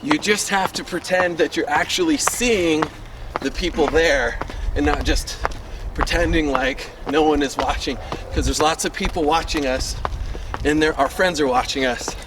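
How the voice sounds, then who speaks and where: A man's voice: fairly high pitch, normal speed. A man coaching a sword fighting class outdoors in his neighborhood, upbeat and encouraging, counting out reps, a little winded. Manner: upbeat and encouraging, chatty with fillers. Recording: distant mic with loud street noise.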